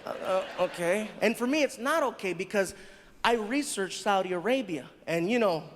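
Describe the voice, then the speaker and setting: A man telling stand-up comedy stories in an animated way, acting out the people in them. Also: sits high, moderate pace, heavy background noise. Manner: animated, acts out characters. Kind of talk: stand-up storytelling. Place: stage in a large venue. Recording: live show with long hall reverb.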